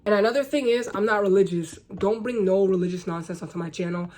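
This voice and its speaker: A woman's voice: medium pitch, fast, darkish tone. A young woman vlogger from the United States, ranting to camera in a loose, casual monologue. She is blunt and sarcastic, and she swears freely.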